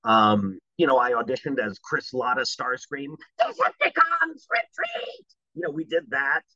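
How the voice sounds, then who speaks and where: A man, a voice actor, telling animated and jokey stories in an interview. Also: medium pitch, moderate pace, no echo, lo-fi sound. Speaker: voice actor guest. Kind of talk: anecdotal interview talk.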